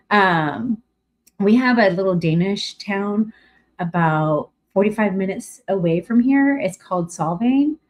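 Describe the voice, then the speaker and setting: Hosting a laid-back livestream, a medium-pitched middle-aged woman from California wanders through her talk with many fillers and restarts, growing bright and gushing as she welcomes viewers.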